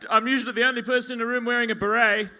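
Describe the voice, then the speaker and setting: Racing through a stand-up set on a pub stage, an Australian man speaks into a stage mic at a lectern in an extremely high, sharp voice with flat delivery. He rambles, mocks himself and stammers through many restarts.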